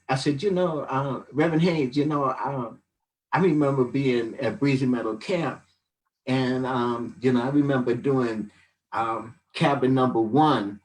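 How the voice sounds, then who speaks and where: A man's voice: mid-range voice, far from the mic, low-quality recording. A man in his sixties giving a rambling, reflective testimony as a podcast guest, full of fillers. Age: 60s. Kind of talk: casual storytelling testimony.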